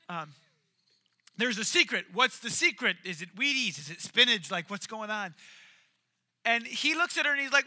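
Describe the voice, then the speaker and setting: High-voiced, jokey male preacher. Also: a little fast. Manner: animated, jokey storytelling with acted quotes. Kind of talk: sermon retelling a story.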